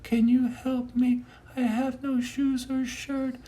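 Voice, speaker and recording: A man voicing a shirtless, barefoot stranger who asks for help slowly in a thin, very high voice. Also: flat delivery, mellow. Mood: pleading. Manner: slow, pleading. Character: shuffling shirtless barefoot man pleading meekly.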